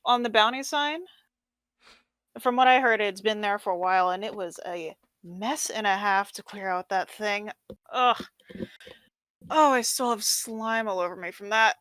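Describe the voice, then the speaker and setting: A woman's voice: mid-range voice, a little slow, fairly bright tone, no room sound, natural voice. Casual mocking adventurer woman, as a woman plays her, dead-dry room, mid voice. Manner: mocking, playfully skeptical. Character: brash grimy female adventurer, teasing. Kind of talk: tabletop role-play in character.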